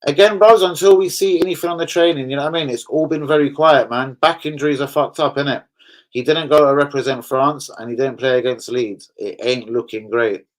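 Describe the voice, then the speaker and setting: A man's voice: medium pitch, fairly even intonation, a little fast, rough recording. A man with a London accent hosting a casual livestream, chatting bluntly with his viewers and swearing freely. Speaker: livestream host.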